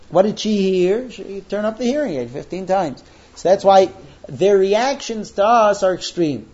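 A man's voice: high voice, expressive, moderate pace, dark tone. A man teaching a lesson to young men, telling stories with humor and frequent restarts. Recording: dull lo-fi recording.

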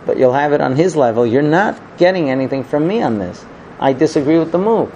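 A man's voice: a little high, animated, brisk, dark tone, highs cut off, slight background noise. A man voicing a stern, wealthy father who is a king, lecturing his daughter disapprovingly.

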